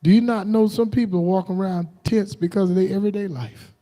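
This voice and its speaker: Male preacher, high but mellow voice, folksy and chatty, livestream sermon. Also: steady tone, a little fast. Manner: folksy storytelling with laughs and acted-out quotes.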